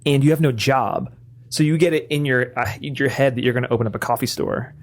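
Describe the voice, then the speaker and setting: A man's voice: mid-range voice, fast talker. A young adult man co-hosting a podcast, enthusiastic and laughing often as he retells dialogue. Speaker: podcast co-host. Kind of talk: casual chat.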